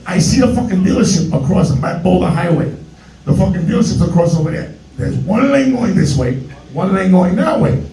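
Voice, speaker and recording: A New York comedian with a high, creaky, warm voice performs an animated, fairly quick stand-up set at a comedy club, brash and profane, heavy on street slang and put-on voices. He's recorded from a distance, so the sound is roomy and echoing, with music behind him.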